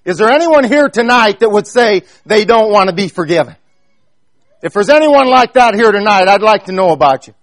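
A man's voice: sits high, lively intonation, normal speed, dry recording. An Amish man preaching a sermon, telling a personal story in an earnest way and speaking straight to his congregation.

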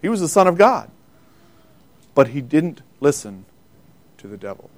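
A man preaching a sermon, emphatic, rising in force when he quotes scripture and pausing now and then to find his place. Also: fairly high pitch, big pitch swings. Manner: pauses and self-corrects, loses place in notes.

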